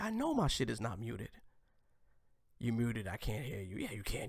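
A male host giving loose, joking reaction commentary from his home, his pitch swinging widely between loud and hushed. He teases constantly and drops into whispers for punchlines. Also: huge pitch swings, moderate pace, gravelly, slightly rough, dry recording, studio quality. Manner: crude, teasing, jokey commentary with sudden whispers.

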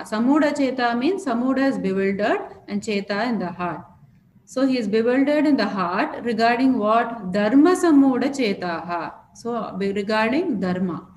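A woman explaining a scripture word by word in a lecture, pausing often with fillers. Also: fairly high pitch. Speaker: scripture teacher. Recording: echoey room with faint noise.

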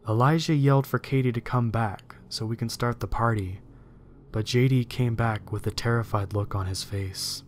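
A man reading a first-person horror story aloud in a steady, measured narration. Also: medium pitch, a little hiss or hum.

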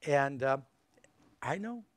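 A man's voice: mid-range voice, animated, slow, dry recording. A middle-aged male preacher giving an evangelistic sermon in a folksy, emphatic way, with joking asides.

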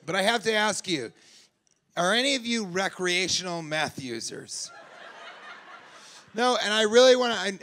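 A man doing improvised stand-up crowd work, teasing people in the audience, laughing often and shouting out punchlines. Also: high voice, creaky. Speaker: stand-up comedian. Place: live comedy club.

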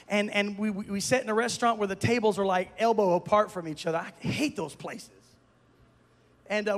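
A male pastor preaching a sermon, telling a story and building to shouted preaching. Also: high-pitched, gravelly. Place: church sanctuary. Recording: long reverb of a church hall.

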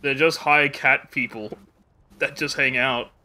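A man's voice: medium pitch, fairly even intonation, unhurried, bright, forceful tone. A man streaming a game live, rambling casually, swearing freely and laughing often. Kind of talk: casual gameplay chat.

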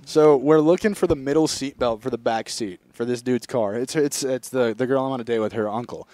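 A young man riffs crudely on a podcast and swears freely while he jokes around. His voice sits at an ordinary middle pitch. It is recorded close and dry, with no room echo. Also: brisk, darkish tone. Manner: profane, joking, drifts into bits. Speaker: podcast co-host. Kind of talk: crude casual chat. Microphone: studio microphone.

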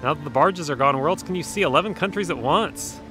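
Outdoors at a theme park, a man narrates a casual vlog of his day, talking to viewers with upbeat enthusiasm. His slightly high voice is expressive and fast, heard over music.

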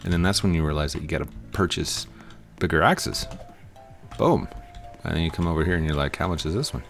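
A man's voice: rumbling low, a little fast, creaky, faint music behind. A man giving casual, playful commentary while playing a game, acting out little scenes and sound effects. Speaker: gaming YouTuber.

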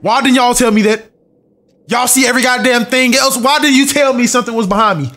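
A man's voice: very high voice, quick pace, pushed and bright. A young man streaming a horror game live, muttering checklists to himself, swearing and talking back to his chat. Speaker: gaming streamer.

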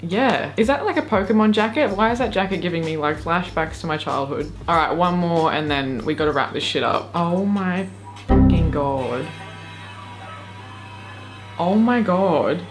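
A woman from far North Queensland with an Australian accent, reacting to clips in an excitable, sweary, giggly way. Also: on the low side, brisk, hardly any pauses, faint music behind. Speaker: YouTuber reacting to videos. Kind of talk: casual reaction commentary.

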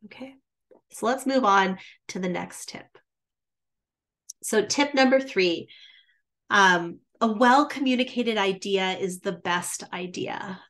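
A woman's voice: medium pitch, a bit bright. A woman teaching presentation skills in a webinar, shifting her volume and pace for emphasis, with frequent "um" fillers. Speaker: business presentation instructor.

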